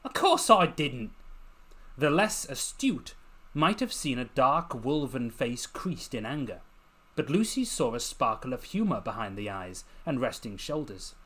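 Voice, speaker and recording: A man narrating his own fantasy novel in a measured, dramatic reading, lingering over descriptive phrases. His voice sits at a middle pitch, unhurried and deliberate. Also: big pitch swings, a bit bright. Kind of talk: scripted narration.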